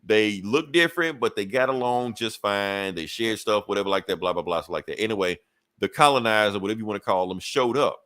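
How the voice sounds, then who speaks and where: A man's voice: on the low side, a little fast, fairly bright tone. A man co-hosting a podcast, casually recapping a comic book plot with loose, profane phrasing and frequent "you know". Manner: chuckles between points. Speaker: podcast co-host.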